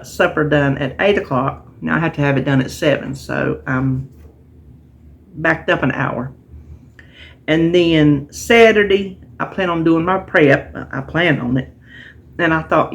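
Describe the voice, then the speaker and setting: A middle-aged woman, chatting casually and a bit tiredly to camera, rambling with restarts as she talks. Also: low voice. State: tired, yawning. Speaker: vlogger sharing a weekly menu plan.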